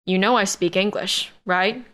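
A woman reads an arrogant male alien nobleman in uniform, slow, curt and commanding, at an ordinary pitch for her. It is an audiobook character voice. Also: a bit bright, lightly acted. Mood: smug.

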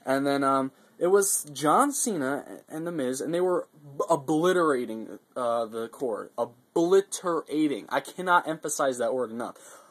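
A man's voice: mid-range voice, moderate pace. Guy ranting on his vlog, swears a ton, gets all worked up then trails off with ums. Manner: profane, excitable, rambling with fillers. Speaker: vlogger reviewing a wrestling show. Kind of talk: casual rambling recap.

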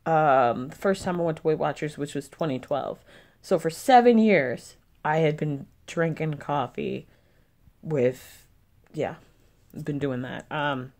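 A woman's voice: low-pitched, slow, a little mellow. A young woman vlogging casually, venting in an irritated way and swearing often. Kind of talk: casual vlog chat.

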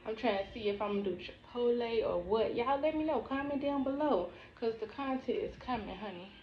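A woman's voice: a little high, expressive, brisk, slight background noise. A woman, chatting playfully with viewers in a casual eating vlog, with sing-song repeats. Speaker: mukbang vlogger. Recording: slightly dull, echoey room with faint ambience.

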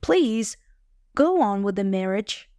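A woman voicing a proud, anguished man, the master of the house, in a plain, slow, measured reading. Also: mid-range voice, sing-song, warm tone, no echo, studio quality. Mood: tense.

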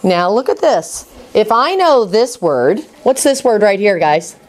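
A woman teaching young readers in a classroom. Her voice sits at a middle pitch, and she keeps up a steady stream of encouraging praise and quick prompts. She sounds like an experienced teacher running a phonics drill. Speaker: reading teacher.

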